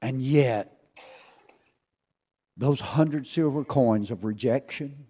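A man preaching a sermon to a congregation, swinging between loud calls and hushed asides and asking rhetorical questions. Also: mid-range voice, slow.

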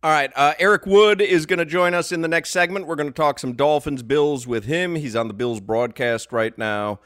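A man's voice: a little high, moderate pace, fairly bright tone, no echo, clean studio sound. A man hosting a sports radio show, chatting casually and laughing at himself. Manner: laughs often, self-deprecating.

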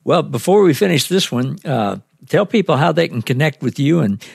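A man's voice: a little high, expressive, normal speed, gravelly, slightly rough, no room sound, clean studio sound. A man hosting a podcast interview, wrapping up with short, encouraging prompts. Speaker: podcast host.

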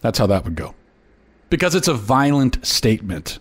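A man's voice: medium pitch, big pitch swings, moderate pace. A man hosting an opinion commentary show, talking emphatically and often repeating words for effect. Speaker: host.

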